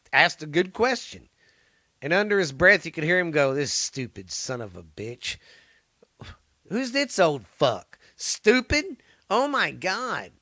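A man's voice: fairly high pitch, bright, forceful tone, dry recording, studio quality. A man hosting a podcast, rambling and cursing casually, often stumbling over names as he reads. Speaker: podcast host.

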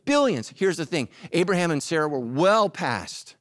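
A man preaching a sermon, telling a story with humor and acting out quotes, swinging from loud high bursts to low quiet emphasis. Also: sing-song, normal speed, dry recording, clean studio sound. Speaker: pastor.

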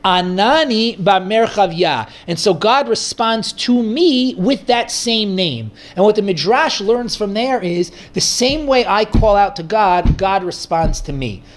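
A man leads a relaxed study class in a conversational voice. He thinks aloud, often restarting phrases and adding fillers as he explains. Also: sits high, unhurried, few pauses. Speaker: Torah teacher. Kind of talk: informal text study class.

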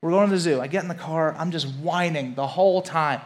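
A man's voice: on the high side, fast, few pauses. A young adult man from Louisiana preaching a sermon as pastor, telling stories and building to emphatic points. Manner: animated storytelling, acts out quotes, rises to emphatic preaching.

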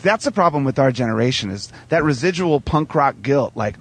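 A man's voice: medium pitch, animated, brisk, breathy edge. A man speaking as a podcast guest, emphatic, swearing freely and passionate. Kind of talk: casual interview chat.

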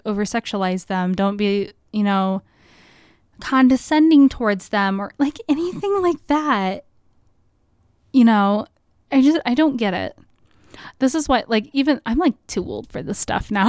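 A woman's voice: on the high side, darkish tone, clean tone, no echo, studio quality. Chatty young woman rambling with "like". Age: young adult. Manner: chatty, filler-heavy with frequent "like", laughs often. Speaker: podcast host. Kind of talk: casual rambling monologue. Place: college radio studio.

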